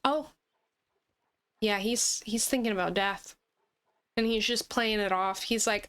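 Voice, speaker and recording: A woman's voice: mid-range voice, a little slow, pauses often, a bit bright, clean tone. A woman hosting a gaming channel, chatting casually and playfully with frequent giggles as she plays. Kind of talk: casual gameplay chat.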